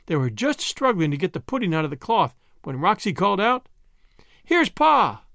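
Lively, high-voiced male narrator. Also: fairly quick, no room sound, studio quality. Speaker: audiobook reader. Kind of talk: scripted narration.

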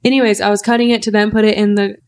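A woman in her twenties, a podcast co-host, telling a story in casual chat, animated and acting out quotes, swearing freely. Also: medium pitch, rapid-fire.

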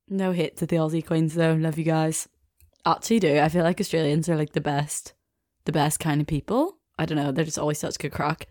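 A woman's voice: sits low, fairly even intonation, a little fast, a little mellow, no room sound, studio quality. A young woman hosting a casual, rambling solo podcast chat, swearing and laughing as she goes. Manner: chatty, rambling, swears and laughs easily, mimics accents. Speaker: podcast host.

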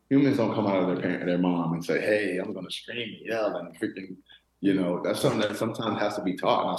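Man, very low voice, casual storyteller, echoey room, guest on a talk show. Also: slight background noise. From Florida. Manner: relaxed storytelling with many restarts. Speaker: guest, former football player.

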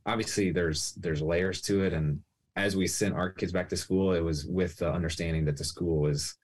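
A man guest and parent in a podcast interview, thoughtful and filling pauses with "like". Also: deep voice, steady tone, darkish tone. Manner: thoughtful, many fillers like 'like'. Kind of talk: conversational interview.

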